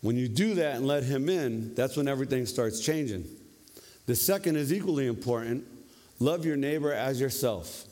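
A male preacher giving a lively, conversational sermon, often tagging his points with questions. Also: mid-range voice, moderate pace. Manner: conversational, animated, tag questions. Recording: long reverb of a hall.

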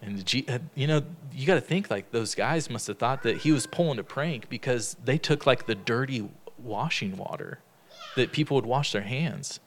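A man leads a relaxed Bible study in an easygoing, talkative way. He laughs often and acts out the stories in quick bits of dialogue. His voice sits at an ordinary middle pitch for a man. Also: a little hiss or hum. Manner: chatty, laughs often, retells stories in lively quoted dialogue. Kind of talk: casual Bible study teaching.

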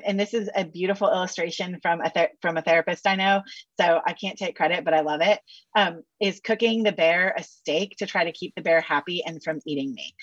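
A woman counselor talking on a podcast with sassy, animated asides and casual slang. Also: on the low side, husky, no room sound, lo-fi sound. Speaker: counselor guest. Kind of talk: podcast interview.

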